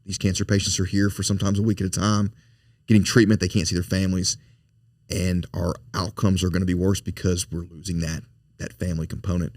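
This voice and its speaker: Deep-voiced man telling earnest stories. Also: little pitch movement, brisk, a little mellow, no room sound, clean studio sound. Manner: earnest, often repeats and restarts words. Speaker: foundation president, podcast guest. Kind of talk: conversational interview storytelling.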